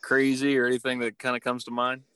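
Easygoing male host, bright crisp voice, dry recording. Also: mid-range voice, completely flat delivery, fast talker, dry recording. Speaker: interviewer. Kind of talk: casual interview.

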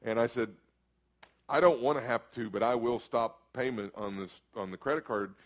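A middle-aged man, preaching a storytelling sermon that swings from hushed asides to sudden shouts. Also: medium pitch, normal speed. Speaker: pastor.

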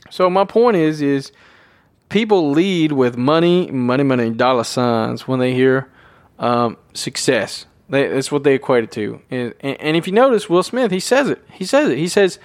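A man's voice: a little high, no room sound. Rambling man with a dry close voice. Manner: rambling, self-deprecating, emphatic. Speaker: podcast host. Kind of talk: unscripted solo talk.

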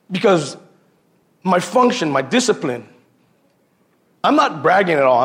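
A man's voice: sits high, gravelly, a bit bright. A man giving an informal sermon built on personal stories, talking casually with slang and repeated words and calling listeners "bro.". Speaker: lay preacher.

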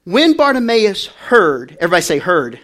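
A man pastor preaching a sermon, calling on the congregation to answer back and swinging from quiet talk to loud shouting. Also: sits high, very animated, moderate pace.

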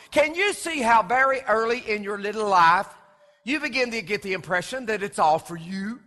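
Male preacher, high and bright, folksy storyteller who acts out baby cries, church echo. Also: lively intonation, moderate pace. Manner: folksy storytelling, imitating crying babies and pulling in the congregation. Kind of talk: sermon. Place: church sanctuary.

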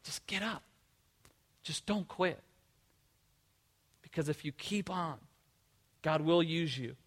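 A man's voice: a little high, lively intonation, takes it slowly, husky, in a large hall. A man preaching a motivational sermon, emphatic, and often repeating words as he restarts. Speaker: pastor.

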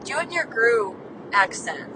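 A woman's voice: sing-song, normal speed, distant mic. A woman podcast host chatting and teasing on a road trip, laughing often, recorded inside a moving car. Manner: giggly, teasing. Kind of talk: casual chat on a road trip. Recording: road noise, voice off-mic. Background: engine and road rumble.

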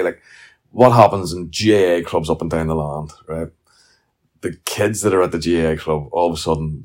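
A man's voice: deep voice, a little mellow. A middle-aged man with a Northern Irish accent, ranting and telling blunt, sweary stories as a podcast host. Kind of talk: casual ranting monologue.

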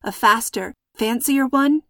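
A woman's voice: on the high side, measured pace, vocal fry, pushed and bright, dry recording, clean studio sound, heavily acted. A woman voicing a frightened young girl in a storybook reading, asking breathless, pleading questions. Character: frightened young girl, kidnapped with her father.

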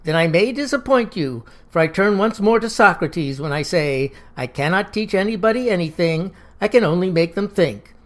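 A pompous, bookish schoolmaster with a lofty delivery, fond of quoting old philosophers, as a storyteller puts him on. His voice sits a bit lower than the teller's own, grand and unhurried. It comes from a spoken storybook reading. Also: lively intonation, lightly acted. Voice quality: lofty, quotation-heavy delivery. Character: pompous scholarly male teacher who quotes classics.

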